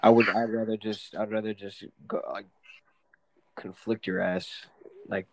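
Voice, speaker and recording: A young man with a fairly low voice, chatting casually. He tells his stories in a laid-back, slang-heavy way and swears often. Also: little pitch movement, a little slow, gravelly, low-quality recording. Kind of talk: casual chat.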